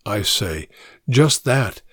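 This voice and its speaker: A man narrating a scripted first-person story in a measured, reflective reading. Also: lowish voice, expressive, fairly bright tone, no room sound, studio quality.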